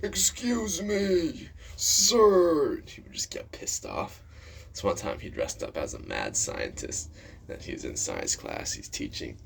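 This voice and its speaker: A man's voice: very deep voice, sing-song, a little slow, vocal fry, a bit bright, breathy edge. A man telling rambling school stories in a casual vlog, full of fillers and swearing. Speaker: vlogger. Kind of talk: casual storytelling.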